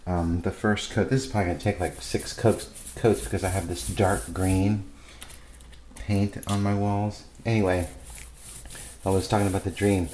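A man's voice: deep voice, level tone, moderate pace, a little mellow. A man chatting casually in a home vlog, rambling and restarting often while he paints his kitchen. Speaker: podcaster. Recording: roomy kitchen echo, faint noise.

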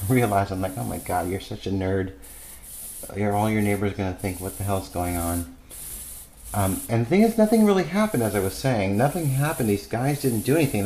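A man's voice: on the low side, a little mellow. A man chatting casually in a home vlog, rambling and restarting often while he paints his kitchen. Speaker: podcaster. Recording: roomy kitchen echo, faint noise.

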